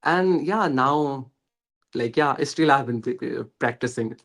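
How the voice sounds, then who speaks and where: A young guest from West Bengal, speaking with an Indian English accent, earnestly explains his learning journey in a casual conversation, with many hesitations and fillers. His voice is medium-pitched, a bit bright and a little slow.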